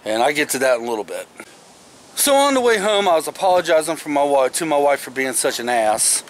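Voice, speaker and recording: A man's voice: fairly high pitch, very animated, fairly quick. A middle-aged man vlogging, telling a story casually and emphatically, swearing now and then.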